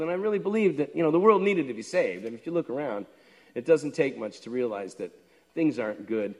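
A man in his sixties, a devotee telling how he joined, lively and acting out the voices of others. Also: fairly high pitch. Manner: lively storyteller who acts out the other people's lines. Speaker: devotee sharing his story. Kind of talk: personal storytelling talk. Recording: long hall reverb.

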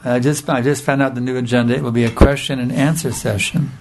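A man's voice: medium pitch, steady tone, fast talker, slight background noise. Man teaching in short interpreted phrases. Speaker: spiritual teacher giving a lecture. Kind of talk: lecture with live interpretation.

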